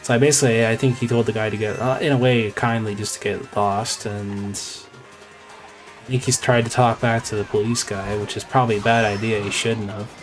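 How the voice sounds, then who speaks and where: A man's voice: fairly low pitch, flat delivery, normal speed, soft background music. A man streaming a game who tells a story in a rambling, casual way, full of fillers and repeated phrases.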